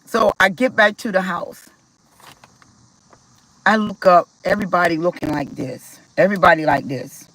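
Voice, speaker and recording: This woman, from South Carolina in the US, delivers a storytelling testimony with animation, acting out quoted voices and laughing throughout. Her pitch is fairly low, her speed normal with frequent pauses, and the audio is poor.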